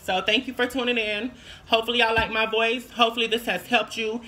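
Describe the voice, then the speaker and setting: A woman's voice: on the high side, steady tone, brisk, sharp tone. A trans woman vlogger giving casual voice-feminization tips in a chatty, sassy, playful way. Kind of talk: casual advice vlog.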